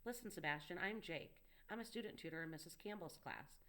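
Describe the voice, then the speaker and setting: A woman's voice: fairly low pitch, lively intonation, a little fast, fairly bright tone. A woman voicing an earnest young male tutor who coaxes and reassures a frightened child with urgency. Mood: urgent. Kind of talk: audiobook dialogue reading.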